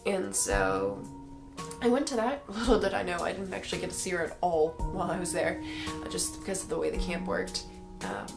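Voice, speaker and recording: A woman's voice: fairly low pitch, big pitch swings, fairly quick, creaky, over music. A woman giving a personal faith testimony to the camera, talking earnestly and emotionally straight to her viewers.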